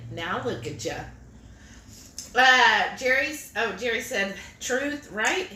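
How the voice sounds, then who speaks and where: A woman's voice: a little high, expressive, slow, bright, forceful tone, a little hiss or hum. Giggly woman reading chat comments. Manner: chatty and giggly, reads comments aloud. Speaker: cooking stream co-host. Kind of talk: casual livestream chat, reading viewer comments aloud. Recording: echoey kitchen room.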